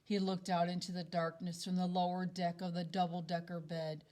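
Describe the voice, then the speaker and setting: With a fairly low voice, a second-grade teacher performs a picture book for children, reading at a slow pace and in an expressive, dramatic style.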